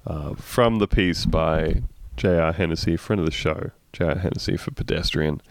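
Low-voiced man hosting comedy news. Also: normal speed, no echo. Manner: wry, laughing asides while reading articles aloud. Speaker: podcast host.

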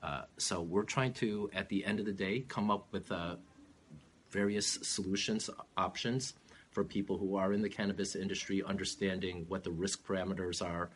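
Very deep-voiced man answering steadily. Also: a little hiss or hum. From California. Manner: measured, steady, with many "uh" fillers. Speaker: political candidate. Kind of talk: interview answers.

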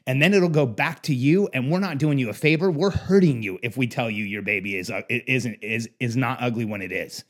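A man doing a loose Southern US accent as a blunt, imposing male buyer who lectures slowly and firmly. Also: medium pitch, close to an everyday voice. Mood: lecturing. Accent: Southern US, put on.

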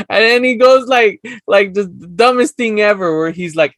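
A high-voiced man co-hosting a podcast, chatting casually and animatedly, often laughing as he retells scenes. His voice is close and dry, with no room sound. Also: moderate pace, few pauses, a bit bright, no echo. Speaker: podcast co-host. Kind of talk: casual chat recapping a show.

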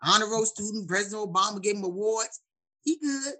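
A woman in her forties in casual chat, animated and preachy, laughing often, heard over a video call. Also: medium pitch, a little fast. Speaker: guest.

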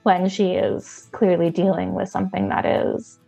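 A woman in her twenties telling a personal story in a lively, expressive, self-mocking way. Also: fairly low pitch, moderate pace, creaky, husky, faint music behind.

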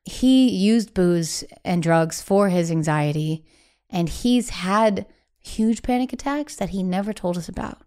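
Young woman guest, smooth clear voice, candid storyteller who plays out quoted dialogue. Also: fairly low pitch, animated, a little slow, mellow. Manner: acts out quoted family speech, breathless bursts. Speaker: podcast guest.

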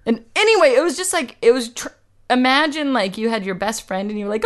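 Animated giggly woman telling a story. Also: a little high, fast. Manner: animated, giggly, acts out voices in quotes. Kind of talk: casual storytelling chat.

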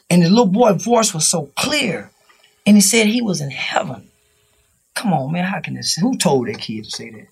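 A man's voice: sits high, very animated, moderate pace, creaky, husky. A man from Fort Worth, giving an interview in blunt, profane, preachy street talk. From Fort Worth, Texas. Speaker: interview guest.

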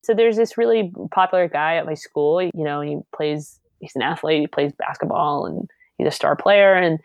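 A young woman from Alabama, a comedian guest on an interview show, telling a personal story in a lively way and acting out what people said. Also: low voice, moderate pace, vocal fry, no room sound, dull audio. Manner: lively, acts out dialogue in her stories.

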